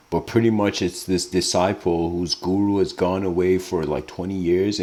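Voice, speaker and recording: A man's voice: low-pitched, a little mellow. A man giving a casual lecture, rambling and informal with lots of filler words.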